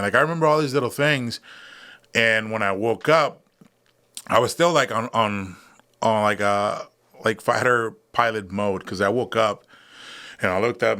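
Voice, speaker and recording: A man's voice: on the low side, sharp tone, clean tone. A man in his thirties, a veteran guest on a podcast, telling his story candidly in a casual chat with many fillers and acted-out dialogue. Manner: candid, lots of fillers, acts out quoted dialogue.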